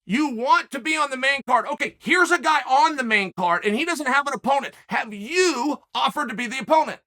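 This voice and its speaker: A man's voice: very high voice, expressive, a little fast, pushed and bright. A man hosting his own commentary show, talking emphatically and firing rhetorical challenges at the audience. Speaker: commentator host. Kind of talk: animated solo commentary rant.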